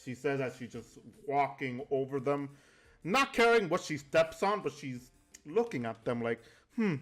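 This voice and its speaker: A man playing a tabletop game, calmly describing what his character does and thinking aloud. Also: medium pitch, normal speed, soft background music. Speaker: player.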